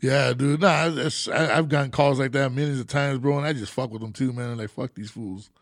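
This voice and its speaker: A man's voice: mid-range voice, fairly even intonation, fairly quick, no room sound, studio quality. A man co-hosting a comedy podcast in casual chat, laid-back and profane, dropping slang. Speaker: podcast co-host.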